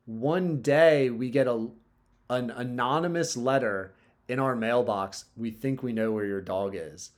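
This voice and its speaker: Regular-pitched guy just chatting, swears a ton, says like and dude constantly, chill storytelling vibe. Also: unhurried. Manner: laid-back, swears a lot, heavy use of "like" and "dude". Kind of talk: casual chat, storytelling.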